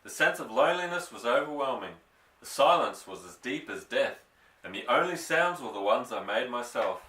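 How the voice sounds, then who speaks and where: A man reading a children's story with an expressive, lively delivery that slows down for suspense. His voice is bright and forward. A roomy echo follows him, and he sits a little back from the mic. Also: mid-range voice, distant mic. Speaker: audiobook reader. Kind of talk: storybook narration.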